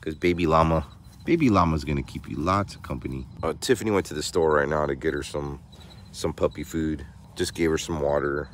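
A man's voice: extremely low pitch, fairly quick, a little hiss or hum. A man hosting a casual farm vlog, chatty and laughing often, cooing at his animals. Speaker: vlog host. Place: outdoors on a farm.

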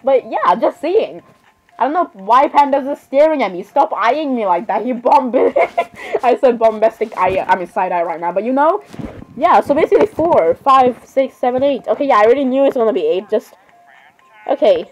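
Woman, fairly high voice, chatty let's-play talk, giggly, keeps apologizing. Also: expressive, normal speed, low-quality recording. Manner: chatty, apologizes a lot, giggles, talks to game characters. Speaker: gamer playing a horror game. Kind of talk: casual let's-play commentary.

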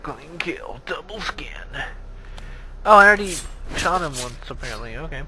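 A young man playing a video game and commenting in a sarcastic, excitable, self-mocking way. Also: on the high side, normal speed, poor audio. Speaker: gaming video host. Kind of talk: let's play commentary.

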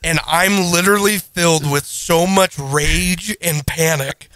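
A man in his thirties, a podcast co-host, telling a story in a casual, animated, self-deprecating way. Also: a little high, a little slow, no echo.

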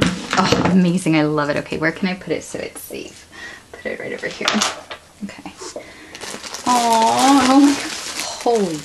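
A woman vlogger gushing and breathless as she opens a package, shaking with excitement and often dropping to a whisper. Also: lowish voice, noisy background. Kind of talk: excited unboxing vlog. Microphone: camera on tripod.

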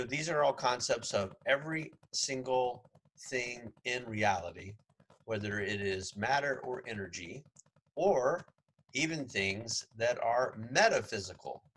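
A man's voice: medium pitch, a bit bright, a little hiss or hum, poor audio. A man giving a casual classroom lecture as a psychology professor, chatty, with sarcastic asides and frequent fillers.

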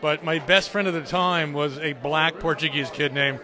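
A man in his fifties from Provincetown, answering interview questions in an animated, chatty way. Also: fairly high pitch, normal speed, a crowd in the background. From Provincetown, Massachusetts. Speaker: film cast or producer.

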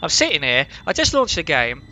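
A man hosting a casual let's-play from home, excitable, jumpy and heavily profane. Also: fairly high pitch, a little fast. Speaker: gaming channel host.

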